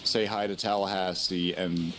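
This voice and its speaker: Low-voiced joking guest streamer. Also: male voice, flat delivery, a bit bright, faint music behind. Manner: playful storyteller, quick to tease. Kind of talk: casual live-stream chat.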